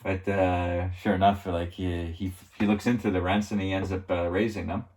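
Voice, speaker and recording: A man with a slightly low voice recaps a TV episode off the cuff. He rambles and leans on filler words, chuckling often as he goes. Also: flat delivery, moderate pace, a little mellow. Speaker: TV show reviewer.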